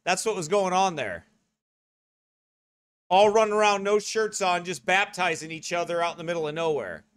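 A man's voice: high-pitched, moderate pace, smooth, no room sound. A male pastor preaching a fiery, mocking sermon. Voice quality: loud, mocking, emphatic.

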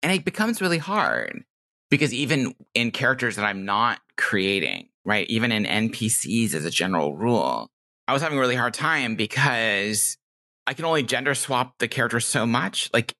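Candid woman with a nasal, lively voice. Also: rumbling low. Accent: self-made nasal Californian-Midwestern. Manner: candid, animated, reflective. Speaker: guest, game designer. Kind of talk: podcast interview conversation.

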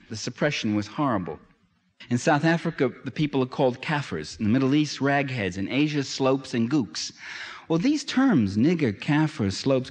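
A man's voice: medium pitch, breathy edge, big-room sound. A man giving a public lecture in an emphatic, sarcastic manner that rises to impassioned.

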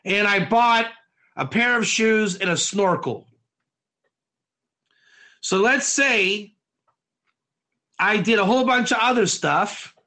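A man's voice: high-pitched, slow, long pauses, sharp tone. A man teaching a Torah class as a rabbi. He explains with modern analogies, keeps quizzing his listeners, and repeats and restarts phrases as he goes. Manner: quizzes the audience with frequent questions.

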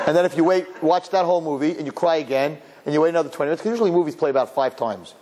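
A male rabbi giving a lively, humorous sermon full of rhetorical questions and Hebrew and Yiddish terms. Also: a little high.

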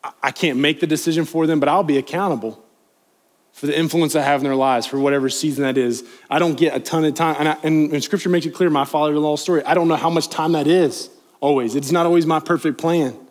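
In a church sanctuary before a live congregation, a young man who works as a youth pastor delivers a sermon. His slightly high voice keeps a fairly even intonation at a quick pace while he pleads earnestly, conversationally building emphasis.

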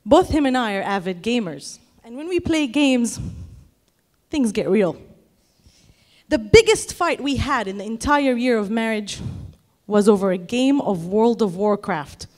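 High-voiced woman doing stand-up comedy. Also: a little slow. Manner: animated storytelling, shouting acted-out quotes. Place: comedy stage before a live audience.

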